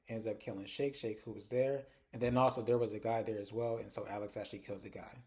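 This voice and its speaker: A man's voice: mid-range voice, mellow. A man hosting a casual recap of TV episodes, chatty and conversational, retelling scenes with lots of "like". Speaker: TV recap host.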